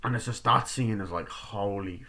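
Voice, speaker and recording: A man giving a casual, profane movie review, excitedly acting out the scenes in different voices. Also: on the low side, normal speed.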